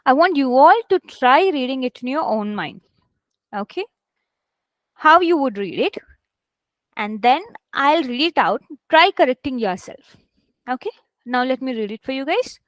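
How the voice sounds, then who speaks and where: A high-voiced, sing-song woman teaches a live English test class, chatty and full of "okays," calling her students "guys" as she models reading aloud with stressed words and pauses. There's no echo, but the audio is poor.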